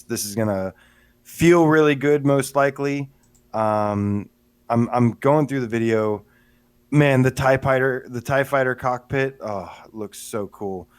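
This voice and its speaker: A man's voice: medium pitch, no room sound. A man co-hosting a casual livestream podcast, rambling enthusiastically with lots of fillers as he looks through a video. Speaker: podcast co-host.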